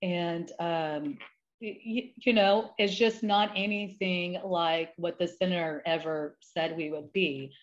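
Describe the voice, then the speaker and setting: A woman's voice: fairly low pitch, steady tone, takes it slowly. Earnest woman telling her story, lo-fi. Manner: earnest and emphatic, restarts often. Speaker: guest sharing her story. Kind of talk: emotional personal storytelling.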